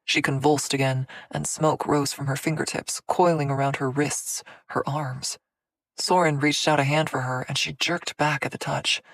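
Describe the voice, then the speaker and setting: A woman narrating a fantasy audiobook in a measured, dramatic storytelling manner. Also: low voice, fairly even intonation, dry recording. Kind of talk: scripted narration.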